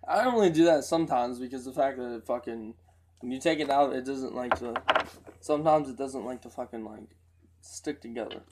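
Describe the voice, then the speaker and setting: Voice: mid-range voice, a little fast, very noisy. A co-host, chiming in with profane, laid-back remarks in casual chat.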